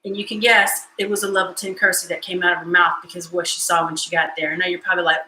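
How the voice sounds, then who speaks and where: A woman's voice: fairly low pitch, flat delivery, fast talker, hardly any pauses, pushed and bright, reverberant, poor audio. A woman hosting a casual live cooking stream from her home kitchen, chatty and joking in a folksy way.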